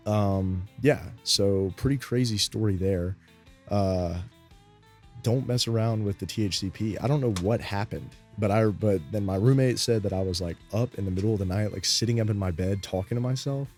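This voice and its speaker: A man's voice: on the low side, moderate pace, darkish tone, soft background music. A young man telling a story in a rambling, laid-back way, full of fillers. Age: young adult. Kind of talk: casual storytime.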